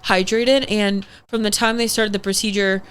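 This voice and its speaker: A young woman talks on a podcast at a medium pitch, animated and loose. She swears freely and acts out the lines of people in her story. It sounds like relaxed conversation rather than anything scripted. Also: moderate pace, smooth. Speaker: podcast guest. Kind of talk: casual storytelling interview.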